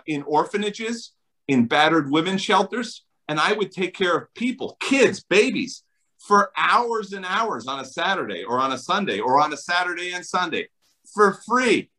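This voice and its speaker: A man's voice: fairly high pitch, bright, forceful tone, low-quality recording. A middle-aged man with a New Jersey accent, a chiropractor talking enthusiastically and emphatically in an interview. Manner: enthusiastic, emphatic, laughs often. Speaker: chiropractor guest. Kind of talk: animated interview talk.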